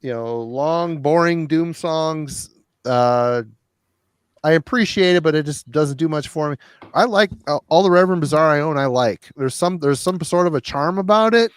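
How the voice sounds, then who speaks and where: A man's voice: a little high, moderate pace, clean tone, no echo, studio quality. A man hosting a podcast, chatting casually about records he has been listening to, rambling and laughing at himself. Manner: laughing, self-deprecating and rambling. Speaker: podcast host. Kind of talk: casual chat.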